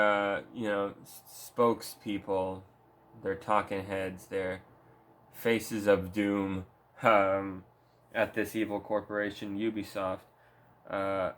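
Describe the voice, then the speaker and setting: A man's voice: fairly low pitch, a bit bright. A man ranting casually about video games, foul-mouthed and rambling, mocking what he talks about. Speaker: gaming vlogger. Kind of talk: profane casual rant.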